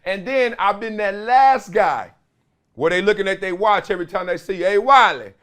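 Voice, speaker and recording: A middle-aged man hosting his own show, telling stories in a lively commentary monologue and acting out quotes of other people. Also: high voice, moderate pace. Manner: storytelling with acted-out quotes of teammates. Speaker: show host.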